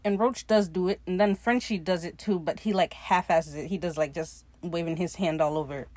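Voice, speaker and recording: Casual podcast host, woman, dry mic, animated retelling. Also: fairly low pitch, moderate pace, dry recording. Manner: animated, acts out characters' lines while retelling. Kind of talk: casual episode recap.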